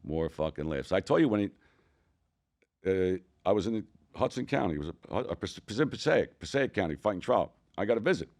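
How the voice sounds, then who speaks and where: Deep-voiced older Philadelphia man, fast and profane. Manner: profane, rambling, animated storytelling. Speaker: podcast co-host telling stories. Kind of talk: casual storytelling.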